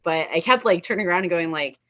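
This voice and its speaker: A woman's voice: fairly low pitch, lively intonation, fast, a bit bright. A woman from Los Angeles hosting a casual online chat, telling stories with frequent laughs over a video call. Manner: chatty storyteller, laughs often. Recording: dull lo-fi call audio.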